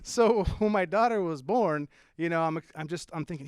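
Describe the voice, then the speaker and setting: A young man doing stand-up in a lively, playful way, his voice pitched high. The sound is close and dry, with no room around it. He jumps between his own telling and quick character voices. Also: dry recording. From small town south of the Bay Area, California. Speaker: stand-up comedian. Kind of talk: stand-up comedy set.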